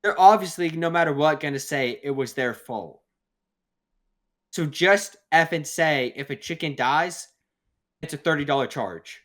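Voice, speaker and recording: A man's voice: on the high side, measured pace, a bit bright. A young man co-hosting a casual podcast chat, telling stories in a rambling way, swearing freely and laughing at his own tales. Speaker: podcast co-host.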